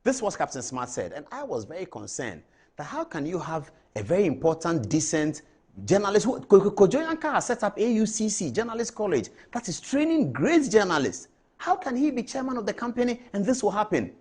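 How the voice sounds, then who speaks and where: A middle-aged man with a Ghanaian English accent, hosting a TV talk show monologue in a chatty, animated, digressive way. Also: high voice, a little fast, breathy edge.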